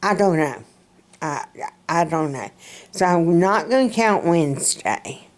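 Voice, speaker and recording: A middle-aged woman vlogger from central Alabama chats casually on camera, rambling in a folksy way with a Southern accent and laughing often. Her voice is lowish, expressive, and unhurried.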